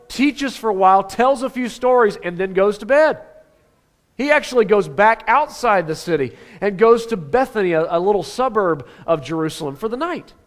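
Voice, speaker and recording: High-voiced man preaching a conversational sermon. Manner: conversational, rhetorical questions, swings from animated to hushed. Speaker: pastor.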